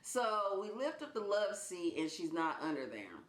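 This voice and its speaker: Animated woman telling a story in an echoey room. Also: medium pitch, normal speed. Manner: animated, laughs while telling. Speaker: vlogger. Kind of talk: casual storytime narration. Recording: roomy indoor echo.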